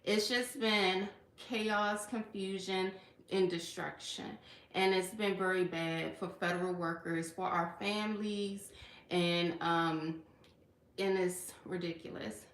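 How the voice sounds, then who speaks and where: In an echoey room, a woman speaks slowly in a lowish, slightly bright voice with fairly even intonation. She's a federal worker from Washington DC on a personal livestream, earnest and at times tearful, frequently using "okay" and "you know."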